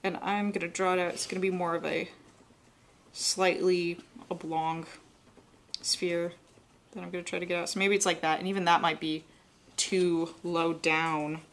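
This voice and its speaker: A woman with a fairly low voice leads a live drawing demonstration. She talks in a relaxed, chatty way while she works, walking viewers through each step. Her tone stays that of an instructor. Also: moderate pace, pauses often, a little hiss or hum. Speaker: art instructor.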